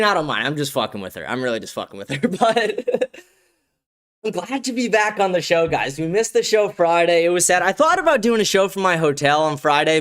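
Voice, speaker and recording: A man's voice: a little high, fairly bright tone, smooth. A man hosting a casual livestream commentary show from a studio, crude and profane, laughing often. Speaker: host.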